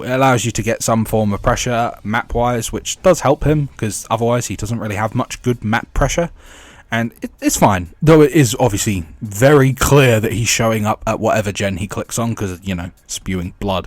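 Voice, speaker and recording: A man's voice: medium pitch, dry recording. A man giving blunt, rambling game commentary with wry asides. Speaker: gaming YouTuber.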